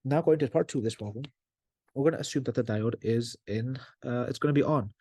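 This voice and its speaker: Man calmly thinking aloud through a problem. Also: medium pitch, fairly quick, no echo. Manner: thinking aloud with frequent fillers and self-corrections. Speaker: tutor. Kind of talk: working through a circuit problem.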